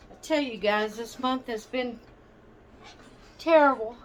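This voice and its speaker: A woman's voice: on the high side, slight background noise. A woman hosting her doll channel, chatting casually and apologetically with viewers from her rocking chair, rambling and searching for words. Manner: slow, rambling, apologetic, hesitant. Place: at home, seated in a rocking chair.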